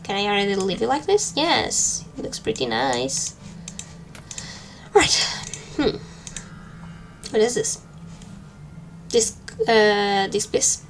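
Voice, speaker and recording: A woman's voice: medium pitch, huge pitch swings, slow, long pauses, a little hiss or hum. A woman streaming a game with casual, joking commentary and flustered muttering. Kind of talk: casual let's-play commentary.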